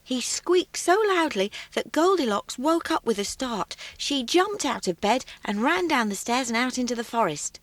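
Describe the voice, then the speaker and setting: A woman reading a fairy tale aloud for children in an expressive, sing-song way. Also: on the high side, normal speed, hardly any pauses, dry recording. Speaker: storyteller. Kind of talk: children's story narration.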